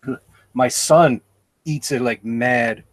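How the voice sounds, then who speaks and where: A man's voice: mid-range voice, takes it slowly, no room sound. Chatty middle-aged man, dry close sound. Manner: chatty, enthusiastic about food, rambling. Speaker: live-stream artist. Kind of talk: casual chat.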